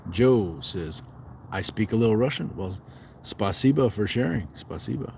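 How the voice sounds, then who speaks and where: A man's voice: lowish voice, expressive, moderate pace, vocal fry, a little mellow, slight background noise. A man hosting a fitness livestream, chatting casually outdoors at night while resting on a walk and reading viewer comments aloud.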